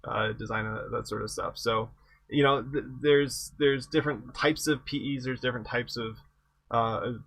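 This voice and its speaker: A man's voice: medium pitch, steady tone, moderate pace, vocal fry, fairly bright tone, no room sound. A middle-aged man lecturing an engineering exam review, conversational and self-correcting, with wry humor about past projects. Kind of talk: lecture with anecdotes.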